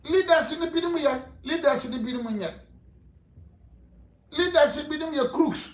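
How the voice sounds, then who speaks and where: Animated Ghanaian man in an echoey room. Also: very high-pitched, moderate pace, long pauses. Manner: animated, rhetorical, laughs between points. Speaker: political guest. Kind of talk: impassioned interview answers mixing Twi and English.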